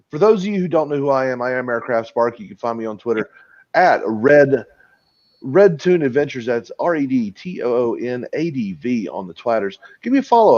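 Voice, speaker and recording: Man, mid-pitched, laid-back guest streamer, crude humor, dull lo-fi audio. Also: a little mellow. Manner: laid-back, crude joking, plugs his channels. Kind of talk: casual podcast chat.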